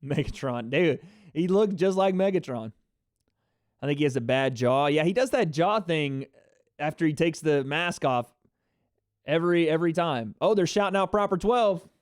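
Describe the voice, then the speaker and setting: Excitable man hosting a livestream reaction. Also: on the high side, moderate pace, long pauses, dry recording, studio quality. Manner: excitable, chatty, talks to chat viewers. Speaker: livestream host. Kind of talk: live fight reaction commentary.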